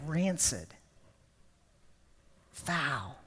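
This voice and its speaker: A woman's voice: deep voice, very animated, drawn-out words, fairly bright tone, breathy edge. A woman preaching a sermon, emphatic and storytelling, often repeating words.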